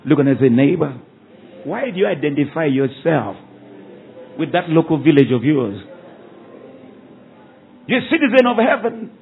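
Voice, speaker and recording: A man, a pastor preaching a sermon with call-and-response and quick rhetorical questions at a church service. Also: on the high side, very animated, vocal fry, slight background noise. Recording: tinny phone-like sound, faint ambience.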